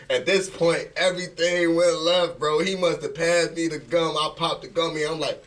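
A man's voice: a little high, unhurried. Young guy telling a story, laughs a lot, mic kinda far. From Chicago. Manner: laughing, animated storytelling with acted quotes. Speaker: guest. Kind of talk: casual storytelling. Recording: distant mic with faint noise.

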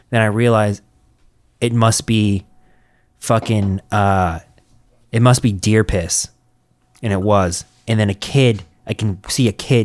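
A man in casual chat, telling stories in an animated, profane way. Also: fairly low pitch, dry recording.

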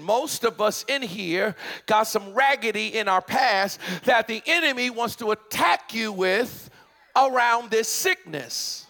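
A man preaching a sermon in a church, with rising shouts and chanted, repeated lines. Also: sits high, unhurried, creaky. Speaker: pastor. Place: church sanctuary.

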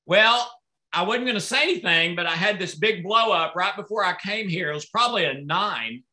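A man hosting a sales event, telling an animated story and acting out the dialogue with jumps in his voice. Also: high voice, moderate pace. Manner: excitable, acts out dialogue in raised voices. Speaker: host presenting products. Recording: echoey room.

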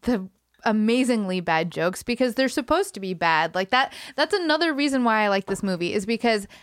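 Giggly woman chatting, smooth dry voice. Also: a little high, animated, brisk, no echo. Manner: giggly, chatty, lots of fillers. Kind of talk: casual chat.

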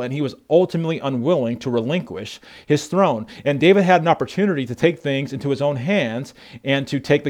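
A man preaching a sermon, telling Bible stories in an animated way and addressing listeners as folks. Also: fairly high pitch.

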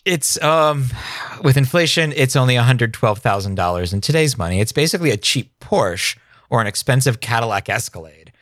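A man's voice: medium pitch, animated, fairly quick, a bit bright, no room sound, studio quality. A man hosting a podcast, recapping an old TV episode in a jokey, rambling casual chat. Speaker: podcast host.

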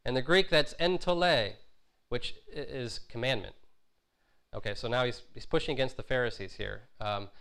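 A man gives a sermon in an informal, talky manner, with a voice of ordinary middle pitch. He stumbles over fillers and restarts now and then, and he slips into little voices for the people he quotes. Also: moderate pace, a bit bright, clear, resonant tone. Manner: conversational, with frequent fillers and restarts, acting out quotes. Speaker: preacher.

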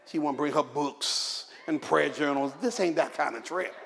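A male pastor preaches with a high-pitched voice and animated storytelling. He slips in humorous asides and drives points home through repetition. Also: normal speed, vocal fry, slight background noise. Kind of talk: sermon.

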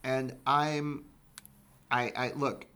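A man's voice: medium pitch, level tone, extremely slow, sharp tone, smooth. A young man co-hosting a podcast, talking casually and hesitantly, often repeating himself and restarting. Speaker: podcast co-host.

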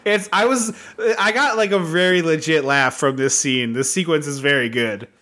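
A man co-hosting a podcast, chatting casually about a movie in an animated, joking way. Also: a little high. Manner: animated, jokey, quick asides. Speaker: podcast co-host.

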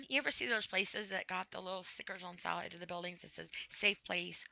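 A woman hosting a podcast, talking slowly and haltingly about her own feelings, with a dry throat that she clears often. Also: on the low side, lively intonation, bright, forceful tone, no room sound, low-quality recording. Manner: slow, halting, with frequent throat clearing and sighs. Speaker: podcast host. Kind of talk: personal spoken reflection.

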